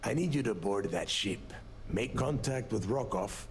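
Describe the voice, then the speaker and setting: A man's voice: on the low side, lively intonation, measured pace, slight background noise. A man voicing a commanding, impatient male pirate boss in a video game, giving curt orders. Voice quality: gravelly. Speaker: game character.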